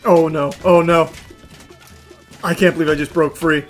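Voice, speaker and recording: A man giving live gameplay commentary, excitable, yelling, cursing and laughing in bursts. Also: a little high, normal speed, faint music behind. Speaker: gaming commentator.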